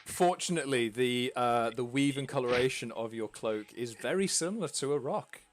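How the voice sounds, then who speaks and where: A man's voice: mid-range voice, animated, moderate pace, soft background music. A man narrating a tabletop game as dungeon master, in a casual, chuckling way.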